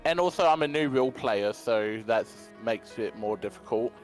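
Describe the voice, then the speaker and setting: A man's voice: medium pitch, lively intonation, soft background music. A man giving a short, hesitant account of his race in an interview. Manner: slow, hesitant, short answers. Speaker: sim racing driver. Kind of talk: casual post-race interview.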